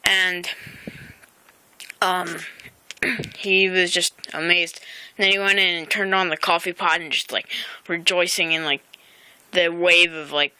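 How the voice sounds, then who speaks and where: A woman's voice: fairly low pitch, fairly even intonation, pushed and bright, clean tone, dry recording. A teenage girl vlogging outdoors into a phone, rambling with lots of ums and self-corrections. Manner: halting, rambling, many fillers and self-corrections. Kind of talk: casual rambling vlog. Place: outdoors by a house. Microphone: phone camera.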